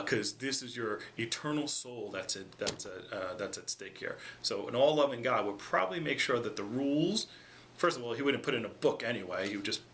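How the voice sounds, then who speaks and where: Bright-voiced man explaining his argument. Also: medium pitch, slight background noise. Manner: explaining, repeats "okay?" for emphasis. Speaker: vlogger. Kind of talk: casual argumentative monologue.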